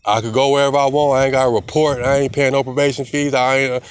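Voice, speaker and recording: A man's voice: mid-range voice, little pitch movement, quick pace, smooth. A young man, rambling defiantly in a casual vlog monologue, repeating himself and swearing a lot. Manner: heavy slang and profanity. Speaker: vlogger.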